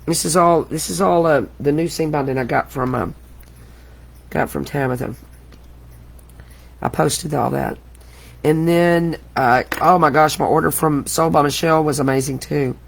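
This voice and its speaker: A woman's voice: low voice, fairly even intonation, normal speed, creaky, long pauses. A middle-aged woman hosting a live craft tutorial, chatty and exclamatory, often laughing at herself. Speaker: crafting host.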